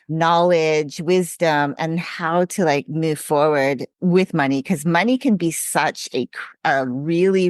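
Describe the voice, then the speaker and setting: A woman's voice: low voice, clean tone, no room sound. A woman hosting a podcast interview, talking earnestly and reflectively, openly emotional. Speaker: podcast host. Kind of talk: interview conversation.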